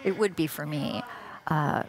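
A woman's voice: sits low, moderate pace, crowd noise. A woman commentating live on a dance competition in an easy, conversational way.

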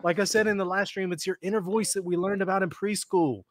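A man hosting a casual chat, animated and laughing often. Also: high voice, fast talker. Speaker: host.

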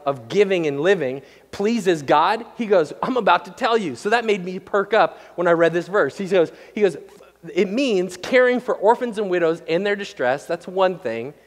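A man's voice: sits high, animated, normal speed. A man preaching a sermon as the pastor, conversational and joking, with frequent restarts and stammers. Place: church sanctuary. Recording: long hall reverb.

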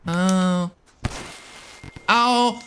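A young adult game streamer talking live to chat, jumpy and quick to curse. They ramble in restarts and running self-talk while playing. The voice sits in a middling pitch. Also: slight background noise. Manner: excitable and swearing, chatting with viewers.

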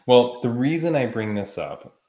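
A man co-hosting a podcast, telling a story in a heated, animated way during casual chat. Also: medium pitch, normal speed, echoey room. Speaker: podcast co-host.

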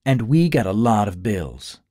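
A man's voice: lowish voice, sing-song, unhurried, warm tone, dry recording, clean studio sound. A man voicing a sassy young woman detective partner with a teasing, bubbly manner. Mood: pleading. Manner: teasing, effervescent.

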